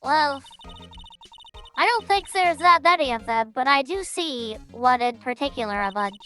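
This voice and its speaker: A woman's voice: high-pitched, pushed and bright, heavily acted. A woman voicing a chatty male security guard who rambles and gossips while she reads game dialogue aloud.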